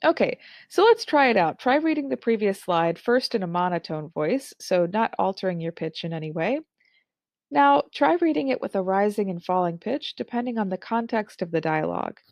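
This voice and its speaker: A woman in her thirties teaching an online speaking course, with clear, carefully articulated and expressive delivery. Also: mid-range voice, moderate pace, dry recording. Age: 30s. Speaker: instructor.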